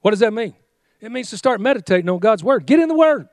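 A man's voice: high voice, animated, fast talker, no room sound, clean studio sound. A male pastor preaching a fiery sermon, exhorting his congregation with call-and-response commands.

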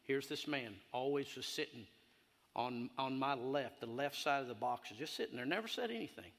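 Fervent preacher in an echoey hall. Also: male voice, mid-range voice, moderate pace. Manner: fervent, builds to shouting. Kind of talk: sermon with personal story.

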